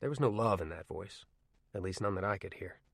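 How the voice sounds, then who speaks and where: A man narrating a novel in first person with measured, wry storytelling. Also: deep voice, gravelly, no room sound, studio quality. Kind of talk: audiobook narration.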